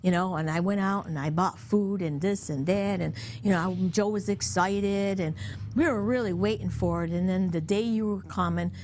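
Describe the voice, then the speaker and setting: A woman's voice: mid-range voice, moderate pace, slight background noise. A middle-aged woman from upstate New York chatting on a family podcast, telling stories and acting out the voices of the people in them. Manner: animated storyteller, acts out quoted voices, laughs often. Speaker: podcast guest, host's mother. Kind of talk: casual family podcast chat.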